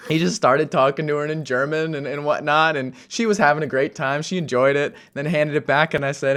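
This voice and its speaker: A man's voice: on the high side, steady tone, normal speed, a bit bright. A young man from the United States telling a story in a casual, rambling way, with many fillers and restarts and a self-amused tone. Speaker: vlogger.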